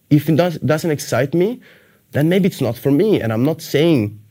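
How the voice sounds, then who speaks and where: A man's voice: medium pitch, dark tone, breathy edge. A man giving a motivational course talk, repeating and building his phrases with emphasis. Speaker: course teacher.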